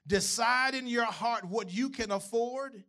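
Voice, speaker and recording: Bright, high-voiced pastor preaching. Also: male voice, unhurried. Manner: conversational, asks the congregation questions. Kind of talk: sermon. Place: church.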